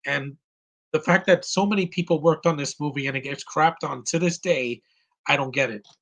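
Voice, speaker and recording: A man in his thirties, near tears, giving an earnest and halting live commentary as host of his own stream. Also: on the high side, creaky, fairly bright tone. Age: 30s.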